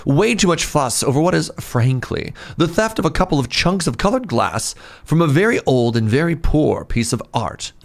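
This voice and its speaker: A man's voice: fairly high pitch, sing-song, normal speed, vocal fry, voice pushed up. A man voicing a pompous, snobbish male mayor in a put-on posh accent, reading game dialogue aloud. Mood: smug. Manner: haughty, dismissive.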